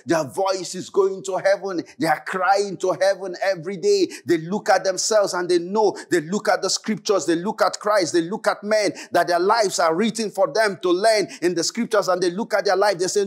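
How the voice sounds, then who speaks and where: A male pastor preaching a Bible study sermon with passion, swinging from loud crying out to low, pleading prayer. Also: normal speed, few pauses.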